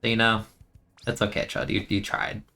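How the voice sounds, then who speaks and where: Bright-voiced man rambling over gameplay. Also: on the low side, monotone, normal speed, faint music behind. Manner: rambling, chatty, laughs often. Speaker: streamer. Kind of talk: casual gameplay commentary.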